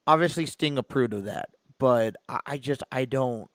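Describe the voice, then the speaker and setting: Halting, rambling male podcast co-host. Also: medium pitch, no echo. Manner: rambling, hesitant, many restarts. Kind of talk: casual chat.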